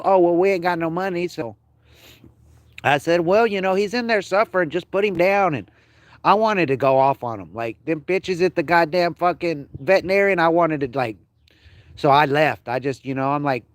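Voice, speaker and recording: A man's voice: fairly high pitch, moderate pace, dry recording. Heated, profane man on a livestream. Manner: profane, heated, rambling storytelling. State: grieving, upset. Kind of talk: casual livestream rant. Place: outdoors in his yard.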